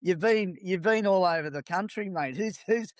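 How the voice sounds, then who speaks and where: A relaxed, middle-aged Australian man co-hosting a sports podcast, his voice sitting a bit high. He chats loosely and laughs a lot, and the sound is close and dry with no room around it. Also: normal speed, dry recording. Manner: laid-back, laughs often, says mate a lot. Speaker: podcast co-host. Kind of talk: casual chat.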